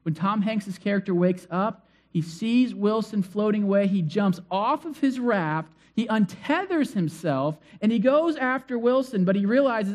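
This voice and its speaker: Animated high-voiced male preacher. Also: normal speed. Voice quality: conversational, animated storytelling with acted-out cries. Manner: asks the congregation questions, repeats phrases for emphasis. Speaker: pastor. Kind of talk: sermon.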